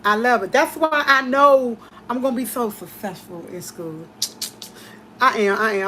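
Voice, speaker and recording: A woman with a fairly high voice talks in a casual, heartfelt way, repeating her points with excited emphasis. A faint hiss sits under her speech. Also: normal speed. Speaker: host. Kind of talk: casual chat.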